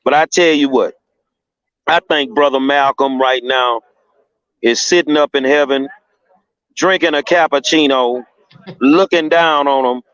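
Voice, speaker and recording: A man's voice: medium pitch, measured pace, pauses often, fairly bright tone, clear, resonant tone, dry recording. Emphatic man on a dull phone line. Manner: emphatic, slangy, laughs often. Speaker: protester reporting from the street. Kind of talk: casual phone interview.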